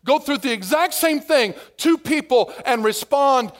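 A male pastor preaching a sermon in an animated way, acting out inner voices as he goes. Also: very high voice, a little slow.

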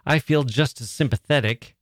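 A man reading aloud, voicing an impatient, sharp-tongued older sister who scolds. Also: mid-range voice, normal speed, no echo, clean studio sound, pitched above the performer's own voice, natural voice.

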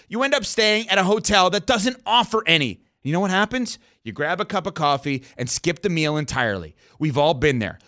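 A man's voice: sits high, sharp tone, dry recording, clean studio sound. A man reading a scripted radio advertisement in an upbeat, salesy way. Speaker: ad announcer.

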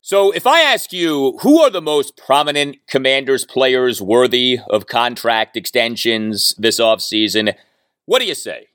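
A man's voice: mid-range voice, expressive, unhurried, fairly bright tone, clean tone, no room sound, studio quality. A man hosting a sports podcast, giving an emphatic analytical monologue and asking listeners rhetorical questions. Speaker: podcast host.

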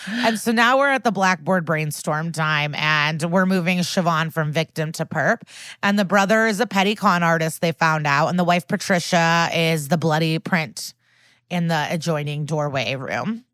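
Lower-voiced woman recapping with animation. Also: no room sound. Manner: animated storyteller, quick recap. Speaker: podcast co-host. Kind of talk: casual chat recapping a TV episode.

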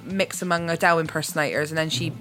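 A woman's voice: low-pitched, fairly even intonation, fast talker, a bit bright, faint music behind. A woman comedian chatting as a radio guest, jokey and rambling with many fillers. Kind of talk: casual radio interview.

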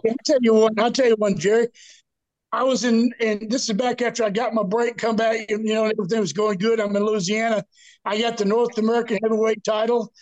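An older man with a drawl tells profane stories from his past. His voice sits very high for a man, and he delivers the tales in a lively, animated way. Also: a little fast. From Texas. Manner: salty, profane, animated storyteller. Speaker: guest. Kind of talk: casual storytelling.

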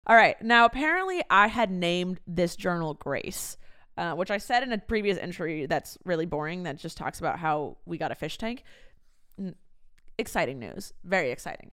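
Woman, 30s, podcast host, casual chat, lively pitch, smooth voice, swears a lot. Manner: animated, swears freely, laughs at herself. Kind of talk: casual chat reading old diaries aloud.

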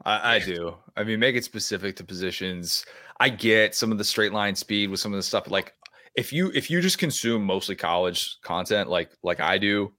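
Male analyst guest, low voice with a bright, forceful edge, opinionated delivery, suits casual podcast chat. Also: normal speed, no room sound, clean studio sound. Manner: emphatic, opinionated. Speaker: college football analyst guest.

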